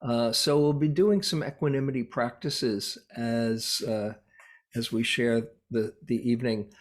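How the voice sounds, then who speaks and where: A man with a mid-range voice and steady tone gives a Buddhist dharma talk as a meditation teacher. He's reflective and unhurried, pausing often and using soft fillers.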